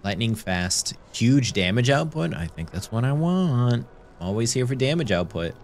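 A man's voice: mid-range voice, very animated, normal speed, slight background noise. A man streaming a video game, chatting playfully and reading the game's lines aloud. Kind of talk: let's play commentary. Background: game music.

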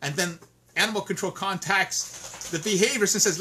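A man's voice: high voice, moderate pace, bright, forceful tone, slight background noise. A man, a dog trainer, talking in an interview, frustrated and indignant, with frequent restarts and repeated words. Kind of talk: emphatic interview talk.

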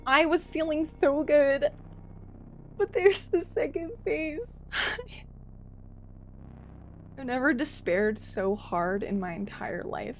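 A woman's voice: high voice, slow pace, long pauses, faint music behind. A young woman giving emotional live commentary on a game she is streaming, exclaiming, pleading and swearing.

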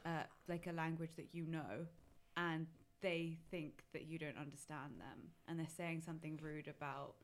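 A woman with a very low voice chats casually with friends on a podcast. She talks freely, with a loose, easy-going flow. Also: level tone, normal speed, hardly any pauses. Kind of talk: casual chat.

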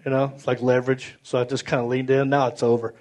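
A man telling an animated stand-up story on stage, acting out other people in big voices. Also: mid-range voice, fast talker. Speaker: stand-up comedian. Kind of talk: stand-up comedy set. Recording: live club recording, roomy, loud crowd. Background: audience laughter.

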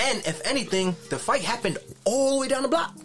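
A man guesting on a casual podcast, telling a story with animated, emphatic repeats. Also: very high-pitched, fairly quick, faint music behind. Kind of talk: casual chat.

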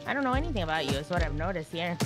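A woman streaming a multiplayer game, excitable and quick to panic, pleading with her chat. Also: lowish voice. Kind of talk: casual multiplayer gaming chat. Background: game music.

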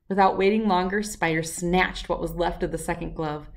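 A woman reading a children's chapter book aloud, telling the story in a clear, expressive way. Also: on the low side, moderate pace, hardly any pauses, far from the mic.

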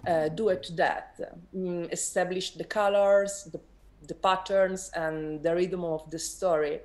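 Soft-spoken, slow woman illustrator. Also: low voice. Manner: soft-spoken, halting, many fillers. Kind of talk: panel discussion. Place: event hall.

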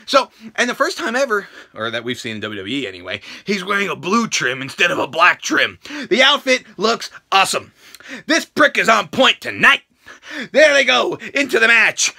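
Man, profane ranting reviewer, very high voice, bright sharp tone, shouty outbursts. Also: creaky. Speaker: wrestling show reviewer. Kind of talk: casual reaction review.

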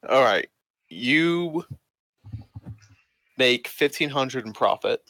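A man's voice: medium pitch, animated, slow pace, pushed and bright, dry recording. A man narrating as game master in a casual tabletop game, with many fillers.

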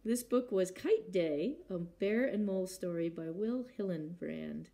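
A woman's voice: lowish voice, unhurried, vocal fry, mellow. A woman librarian reading picture books aloud at children's story time, acting out sound words and stopping to ask the children questions.

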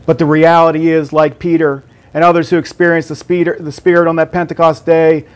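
A pastor in his fifties or older preaching a sermon earnestly, dropping to hushed prayerful tones at times. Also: fairly high pitch, level tone, brisk, clean tone.

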